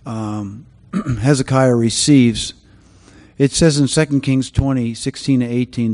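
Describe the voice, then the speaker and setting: A man giving a sermon, opening with prayer and then telling Bible stories in a halting way with many fillers. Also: medium pitch, steady tone, a little mellow, long reverb tail. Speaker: preacher.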